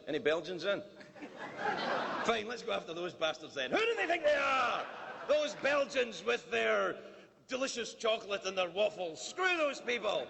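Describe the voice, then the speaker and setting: A man's voice: high-pitched, very animated, moderate pace, vocal fry, sharp tone, slight background noise. A man from Scotland with a Scottish accent, performing a teasing, mock-indignant stand-up monologue as the comedian at a formal dinner. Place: large banquet hall. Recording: long reverb of a large banquet hall.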